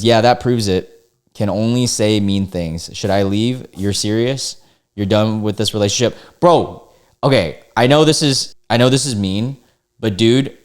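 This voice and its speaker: A young man with a lowish voice, reading out forum posts in a casual commentary. He reacts bluntly, cursing often, and drops exasperated asides between the quotes. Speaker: online video host reading forum posts.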